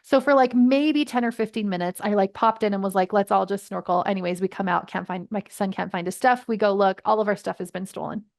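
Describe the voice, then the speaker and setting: A woman in her thirties tells a personal story as a podcast guest. She is earnest and reflective, her pitch sitting in an ordinary middle range, with a natural, sincere delivery. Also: vocal fry. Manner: earnest, reflective, quick asides. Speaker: podcast guest, parenting coach. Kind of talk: conversational storytelling.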